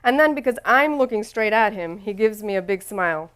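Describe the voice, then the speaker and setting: Wry woman narrating in a clear voice. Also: medium pitch, lively intonation, brisk, few pauses, a bit bright. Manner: wry, self-deprecating. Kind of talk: first-person audiobook narration.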